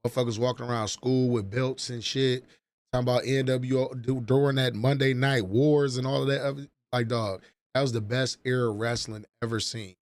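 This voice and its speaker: A man's voice: medium pitch, fairly even intonation, fairly quick. A man in his forties chatting casually on a livestream, profane and rambling as he reminisces. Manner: profane, rambling, nostalgic storytelling. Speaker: livestream host.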